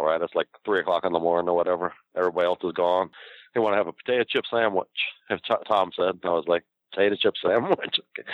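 A man's voice: low-pitched, no echo, narrow, tinny audio. A man, a former wrestler, telling a story in casual talk, laughing often and swearing freely. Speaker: former pro wrestler, guest.

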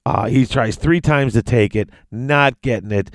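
A man casually retelling a fantasy battle story, excitable and rambling. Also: unhurried, no echo. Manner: excitable, rambling, big pitch swings. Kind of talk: casual chat.

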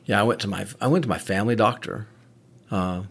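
A man's voice: lowish voice, brisk, creaky, a bit bright, husky. A man, a medic and podcast host, telling a candid story in casual conversation with frequent swearing.

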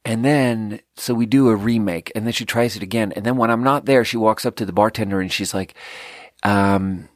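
A man's voice: on the low side, moderate pace, dry recording, studio quality. Exasperated man telling a work story. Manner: profane, exasperated, animated retelling. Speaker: podcast host; restaurant server. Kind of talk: casual storytelling.

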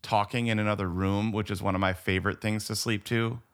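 A man's voice: on the low side, little pitch movement, fairly quick. A man co-hosting a movie podcast in casual chat, enthusiastic and rambling, full of "like" and restarts. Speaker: podcast co-host.

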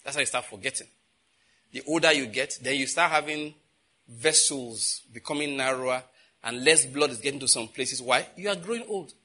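A man's voice: mid-range voice, moderate pace, sharp tone. A man preaching a sermon, asking the congregation questions and answering them himself, with emphatic repetition. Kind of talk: sermon teaching.

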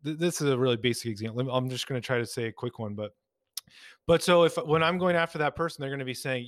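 A man, a couples therapist, explaining his approach in a relaxed conversation and acting out exchanges with clients. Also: medium pitch, fast talker, no echo, studio quality. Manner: explains with acted-out client dialogue. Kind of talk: podcast conversation.

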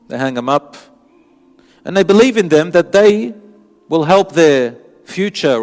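A man delivering an earnest, emphatic Islamic sermon, repeating phrases for stress. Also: a little high. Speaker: Islamic preacher. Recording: long hall reverb, faint music.

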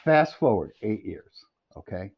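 A middle-aged man telling a long anecdote as a podcast guest, animated and quick to laugh. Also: lowish voice. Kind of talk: storytelling anecdote. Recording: dull lo-fi audio.

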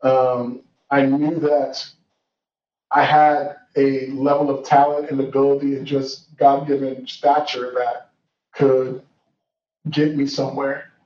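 Slow and flat in a mid-range voice, a young guest tells his story with earnest reflection, restarting sentences and relying on fillers. He seems far from the mic with room echo around him, and the dull sound has a faint hiss.

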